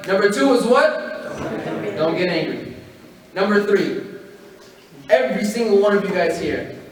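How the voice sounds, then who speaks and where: A man giving a religious study-circle talk. He recites Arabic scripture, explains it in English, numbers his points and asks the audience rhetorical questions. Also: high-pitched. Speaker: halaqa speaker. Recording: very echoey hall, distant mic, faint noise.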